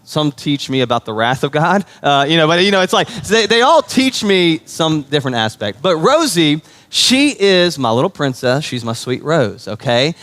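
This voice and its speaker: A man's voice: fairly high pitch, big pitch swings, normal speed, hardly any pauses, a bit bright. A man preaching a sermon as pastor, telling stories in a conversational way and often checking in with his listeners. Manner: conversational storytelling, checks in with the audience.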